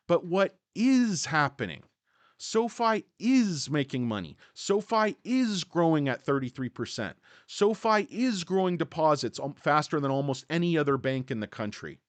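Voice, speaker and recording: Man, animated, sarcastic, swears, sidetracked, livestream stock talk, dry close mic. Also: a little high, no room sound. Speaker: stock market commentator. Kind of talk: casual livestream rant.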